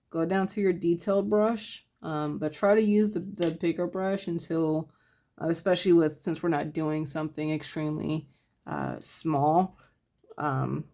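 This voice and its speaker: A woman giving a casual step-by-step painting tutorial, talking her process through in a relaxed, thinking-aloud way with lots of fillers. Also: low-pitched. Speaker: painting instructor.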